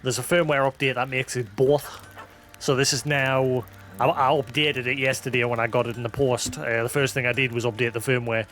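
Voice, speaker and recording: A man's voice: medium pitch, fairly even intonation, brisk, fairly bright tone. Rambling British man streaming live. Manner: rambling, self-deprecating, thinking aloud with many restarts. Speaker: livestream host. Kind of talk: casual live-stream chat.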